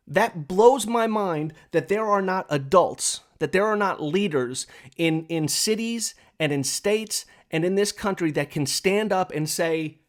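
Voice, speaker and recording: Podcast host, man, fervent and repetitive, voice sits a bit high. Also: a little slow. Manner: impassioned, repetitive, preachy; smokes a pipe while talking. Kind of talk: opinionated monologue.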